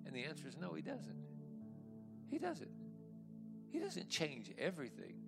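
An older man preaching a sermon as a pastor, swinging from quiet talk to emphatic shouts. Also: fairly high pitch, wildly swooping pitch, quick pace, creaky. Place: church. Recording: echoey hall with faint music.

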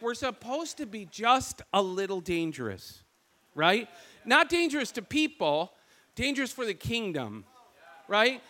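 A man from Michigan with a Michigan accent, preaching a sermon in an animated storytelling way. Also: high-pitched. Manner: animated storytelling, acts out quoted voices.

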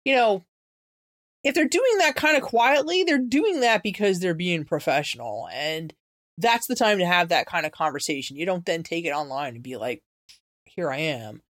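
A woman co-hosting a podcast in casual chat, talkative and lively, with many "you know" fillers. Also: on the low side, moderate pace, no echo, clean studio sound.

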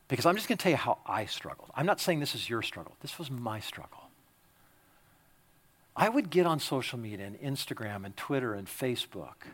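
A male pastor preaching a sermon, emphatic, swinging between loud exhortation and quiet, confiding asides. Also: mid-range voice, big pitch swings, a little fast.

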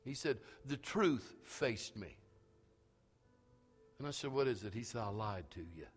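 A pastor preaching a sermon, telling a story that swells into shouted calls to the congregation. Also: male voice, on the low side, animated, measured pace, husky, in a large hall, soft background music. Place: church sanctuary.

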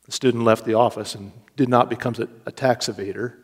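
A man preaching a sermon with slow, deliberate delivery and rising emphasis. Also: mid-range voice, steady tone. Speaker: pastor. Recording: long reverb of a large hall.

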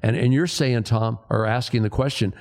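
A man's voice: mid-range voice, fairly even intonation, moderate pace, a little mellow. A man, a pastor, hosting a casual church chat and telling stories with a chuckle. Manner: storytelling, chuckling, with restarts.

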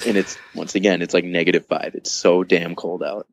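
A man's voice: sits low, little pitch movement, a little fast, gravelly. A man chatting as a podcast guest, telling a long story in a loose, casual way, full of fillers and swearing, with laughs at the funny parts.

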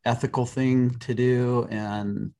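A man's voice: medium pitch, fairly even intonation, takes it slowly, creaky, dark tone. A man co-hosting a casual podcast conversation, making wry, self-deprecating jokes. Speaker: podcast co-host.

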